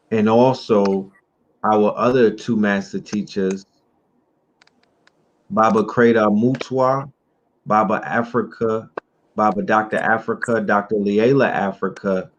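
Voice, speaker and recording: A male host with a lowish voice who stretches out his words and leans hard on key phrases, unhurried. The audio is dull and muffled, with a faint hiss underneath. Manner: slow, drawn-out, emphatic delivery. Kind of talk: livestream talk show.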